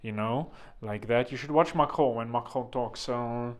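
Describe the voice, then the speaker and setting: A man's voice: medium pitch, normal speed. A man hosting a vlog with rambling comedic commentary, joking and digressing, full of fillers. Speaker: vlog host.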